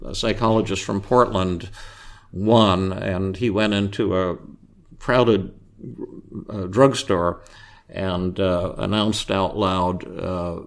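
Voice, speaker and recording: A male psychiatrist hosting a podcast tells an anecdote in a relaxed, halting way, full of fillers and restarts. His voice sits low and has a gravelly fry to it. He lifts his voice to act out the people he quotes. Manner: acts out quoted voices louder. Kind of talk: casual anecdotal storytelling.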